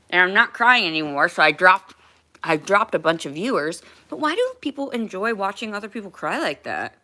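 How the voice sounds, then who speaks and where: A woman's voice: lowish voice, pushed and bright. A woman chatting on a livestream in a rambling, emotional way, with casual swearing.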